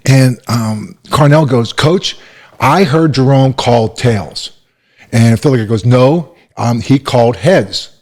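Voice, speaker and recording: A man in his sixties tells stories at a bar table, voice of middle height. He acts out every quote, jumping sharply higher whenever he replays what was said. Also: slow. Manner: animated, acts out quotes with sharp rises in pitch. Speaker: guest, former football coach. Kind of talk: storytelling in casual chat.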